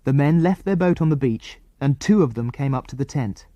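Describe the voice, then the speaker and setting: A man narrating a children's adventure audiobook in an expressive, lively reading style. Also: mid-range voice, normal speed, no room sound, lo-fi sound. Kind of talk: scripted storybook narration.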